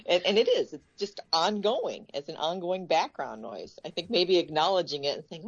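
A woman guest in casual podcast chat, candid and expressive as she acts out her self-critical thoughts. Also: on the low side, moderate pace, hardly any pauses, no echo, highs cut off.

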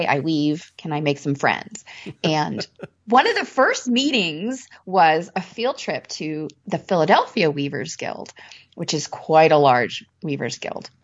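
A woman telling a story as an interview guest, animated and acting out what people said. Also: deep voice, dull audio. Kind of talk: casual storytelling.

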